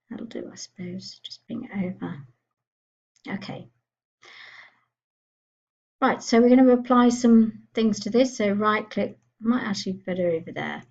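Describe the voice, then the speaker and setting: Woman, software tutorial, husky mellow voice, muffled recording. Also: mid-range voice. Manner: chatty, thinking aloud while clicking through menus. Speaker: computer skills tutor.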